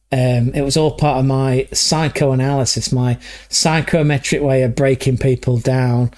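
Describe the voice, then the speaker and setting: A man's voice: medium pitch, a little mellow. Sweary English man hosting a stream. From England. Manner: rambling, sweary storytelling. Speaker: livestream host. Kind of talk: casual chat.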